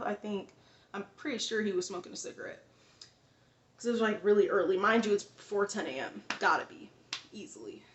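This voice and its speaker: A woman's voice: medium pitch, reverberant. A woman vlogger telling a personal story in a casual, rambling way, full of fillers, restarts and frequent laughs.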